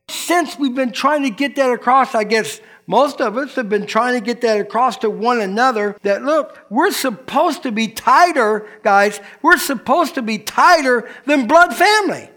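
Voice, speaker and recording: Gravelly high-voiced casual preacher man. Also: a bit bright. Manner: folksy, slangy, acts out quotes. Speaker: pastor. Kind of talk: casual sermon.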